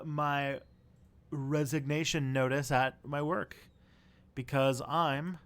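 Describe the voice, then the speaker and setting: A man's voice: fairly high pitch, a bit bright. A man hosting a casual live stream, chatting in a rambling, easygoing way to his viewers. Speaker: livestream host.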